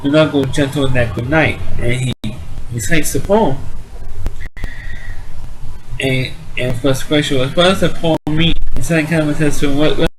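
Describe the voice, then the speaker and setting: A man's voice: on the high side, steady tone, normal speed, long pauses, slight background noise, poor audio. A man casually retelling a comedy film's scenes, rambling with frequent restarts and fillers. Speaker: amateur movie reviewer. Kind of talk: casual movie recap.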